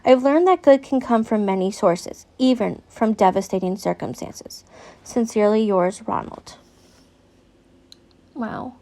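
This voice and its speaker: A woman's voice: mid-range voice, moderate pace, warm tone. A woman who is an adoptee, reading letters from a book aloud and stopping to give her own earnest, candid reactions.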